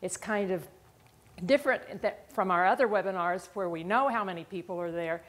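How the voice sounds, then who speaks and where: A woman hosting an educational webinar, giving thankful closing remarks with frequent "uh" fillers. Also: mid-range voice. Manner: warm, thankful, halting with fillers. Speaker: webinar host.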